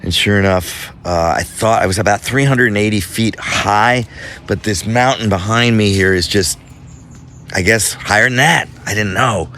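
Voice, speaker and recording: A man vlogging outdoors on a mountainside, thinking aloud in a halting way with fillers. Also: lowish voice, pushed and bright, a little hiss or hum. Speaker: travel vlogger host. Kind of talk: casual vlog narration.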